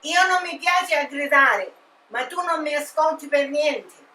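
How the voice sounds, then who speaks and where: A woman's voice: high-pitched, unhurried, heavy background noise. A woman playing a bossy old Italian mama. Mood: scolding. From Italy. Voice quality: scolding, nagging. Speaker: meddling mother. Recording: echoey and distant from the mic.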